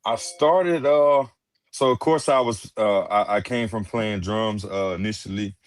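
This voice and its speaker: A man's voice: on the low side, a little slow. A man from Houston, a musician guest talking easily in an interview, full of restarts and polite replies. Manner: easygoing, many restarts and "uh"s, polite "yes, ma'am". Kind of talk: casual interview chat.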